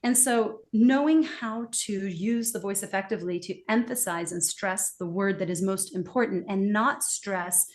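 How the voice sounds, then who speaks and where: A woman talks as a guest expert in an interview. Her voice sits at a middling pitch, and she explains with animation. She now and then acts out the reactions she describes. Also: moderate pace, hardly any pauses.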